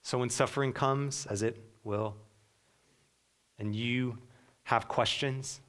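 A young adult man preaching a sermon as pastor, earnest, sometimes dropping to a soft hush. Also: mid-range voice, steady tone, slow pace.

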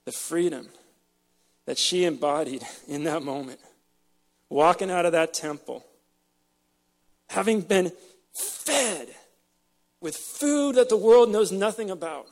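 Man, preacher, high voice, impassioned sermon, emotional, repeats words. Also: slow pace, long pauses. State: choked up with emotion. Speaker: pastor.

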